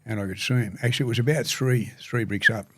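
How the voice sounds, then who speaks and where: An older Australian man, a podcast guest telling stories in a halting, earnest way, often repeating words. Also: medium pitch, bright, forceful tone, slightly rough, no echo. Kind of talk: storytelling conversation.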